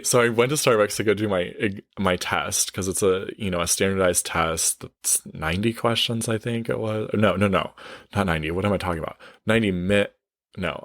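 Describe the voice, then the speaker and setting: A man coaching his listeners through a casual story. He speaks in a slightly low voice, is chatty and expressive, and often stops to correct himself. The recording is dry and close, with no room sound. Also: no room sound. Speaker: life coach.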